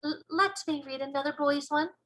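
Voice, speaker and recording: A woman reading aloud and voicing a curious, eager young girl in a soft, high voice. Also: normal speed.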